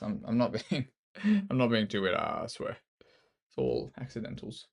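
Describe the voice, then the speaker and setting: With a gravelly, very animated, medium-pitched voice at a moderate pace, an Australian-accented man streams online chess. His casual commentary is jokey and self-mocking as he works through moves aloud.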